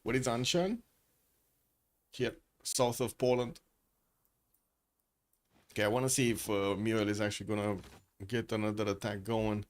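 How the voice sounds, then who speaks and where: A man's voice: on the low side, moderate pace, long pauses. A man giving live, chatty commentary on a strategy game match who often stops to ask his viewers questions. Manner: chatty, asks chat questions, frequent filler words. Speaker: esports caster.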